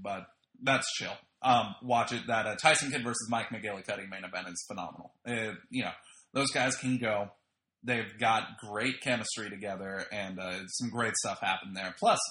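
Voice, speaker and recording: This wrestling podcast host has a lowish, bright voice with a forceful tone and a roomy sound. He delivers a casual spoken review, opinionated and full of slang and fillers.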